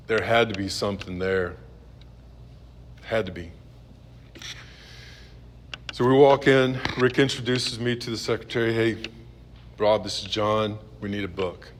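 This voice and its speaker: A man in his fifties telling his own recovery story in a halting, blunt, profane way, heard on a noisy recording. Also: fairly low pitch. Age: 50s. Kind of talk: personal testimony at a meeting.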